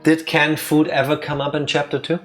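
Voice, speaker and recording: A man co-hosting a let's play, chatting casually and thinking out loud, often restarting his sentences. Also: a little high, flat delivery, a little fast, soft background music. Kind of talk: casual chat while playing.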